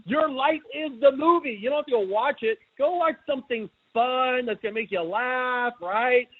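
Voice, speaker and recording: A middle-aged man hosting a webinar, talking in a casual, energetic way and often asking his listeners questions. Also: very high voice, moderate pace. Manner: energetic, chatty, asks the audience questions. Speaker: webinar host. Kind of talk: casual motivational talk. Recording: tinny phone-like line.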